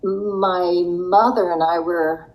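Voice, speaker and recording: A woman's voice: fairly low pitch, steady tone, slow, a little mellow, rough recording. An older woman telling a personal story in a podcast interview, in a reflective, wry way. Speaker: interview guest.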